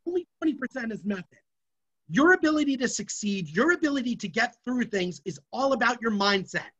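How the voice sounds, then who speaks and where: Bright, energetic workshop presenter. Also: mid-range voice, brisk, husky, lo-fi sound. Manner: energetic and emphatic. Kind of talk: motivational workshop talk. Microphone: online video session.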